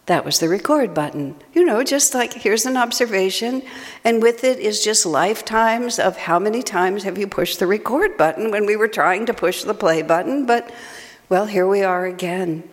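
A woman's voice: medium pitch, animated, moderate pace. An older woman, a spiritual teacher, telling a chatty, self-mocking personal story and laughing often. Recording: long hall reverb.

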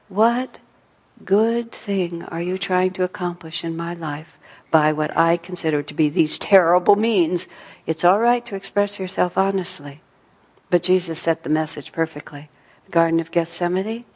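A middle-aged woman giving a gentle, reflective spiritual talk, acting out her own inner dialogue. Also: lowish voice, moderate pace, big-room sound. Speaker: spiritual teacher.

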